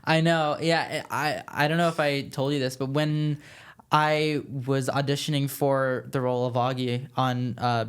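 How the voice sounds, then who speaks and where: Young guy actor on a podcast, smooth clear voice, earnest and agreeable. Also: medium pitch, little pitch movement. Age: young adult. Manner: earnest, agreeable, quick asides. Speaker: actor guest. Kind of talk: casual interview chat.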